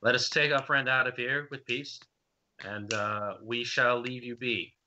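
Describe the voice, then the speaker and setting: A man voicing a calm female orc warrior who speaks in stiff, formal phrases, on dull lo-fi stream audio. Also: mid-range voice, unhurried, slight background noise. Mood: placating.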